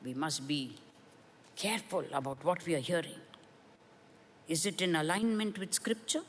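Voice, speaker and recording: A woman preaching a sermon with a personal testimony, earnest and measured, with emphatic rises. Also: sits low, long reverb tail, a little hiss or hum. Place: church.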